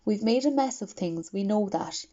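A woman reading the part of a tender, apologetic mother in an audiobook, soft and reassuring, on a dull lo-fi recording. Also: medium pitch, expressive, normal speed, lightly acted.

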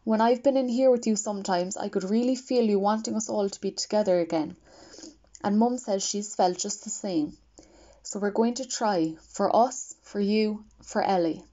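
A woman reading the part of a gentle, hopeful father in an audiobook, earnest and coaxing, on a dull lo-fi recording. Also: medium pitch, moderate pace, close to an everyday voice.

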